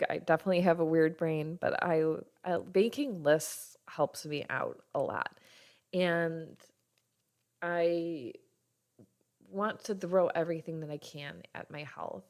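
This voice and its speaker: A woman in her thirties hosting a podcast as a doctor, talking frankly and warmly in an unscripted way, and sometimes acting out what others say. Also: fairly low pitch. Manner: frank and heartfelt, swears casually, acts out others' lines. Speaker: podcast host, functional medicine doctor. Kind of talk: candid solo podcast talk.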